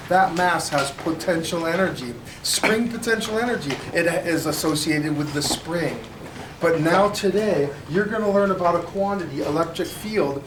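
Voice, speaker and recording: A male high school physics teacher giving a lively, joking classroom lecture, recorded by a camera at the back of the room. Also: noisy background. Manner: animated, jokey, acts out customer voices. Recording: roomy classroom audio from a distance.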